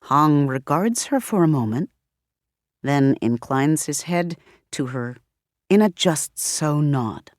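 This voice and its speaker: Expressive woman audiobook narrator. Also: deep voice, no room sound, studio quality. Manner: expressive, varied delivery. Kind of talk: scripted narration.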